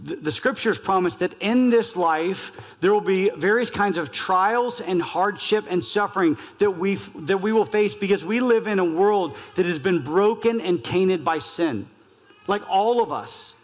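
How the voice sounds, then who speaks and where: A man's voice: sits high, animated, unhurried. A man preaching a sermon as pastor, earnest and building with repeated phrases. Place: church sanctuary. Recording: reverberant church hall, faint music.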